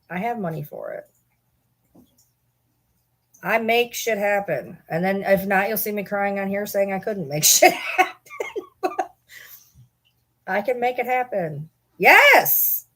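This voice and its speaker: A woman's voice: mid-range voice, animated, unhurried, long pauses, fairly bright tone. Woman, livestream chat, rambling, swears casually. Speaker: livestream host.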